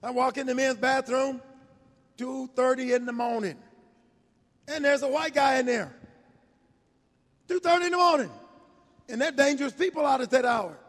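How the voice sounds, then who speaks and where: A man in his sixties preaching a sermon, telling a personal story in a folksy, animated way. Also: very high-pitched, normal speed. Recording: echoey hall reverb.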